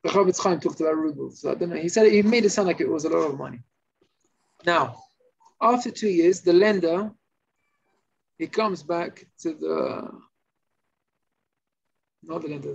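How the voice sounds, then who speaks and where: A male rabbi giving an informal Torah class, telling stories and acting out the shouting characters. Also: fairly high pitch, vocal fry, breathy edge. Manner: animated storytelling, acts out shouting characters. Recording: slightly muffled recording with faint noise.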